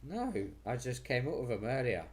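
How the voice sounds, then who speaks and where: A man's voice: mid-range voice, sing-song, moderate pace. A man chats cheerfully as host of a live stream. He is losing his voice and keeps up a loose, rambling patter. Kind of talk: casual live stream chat.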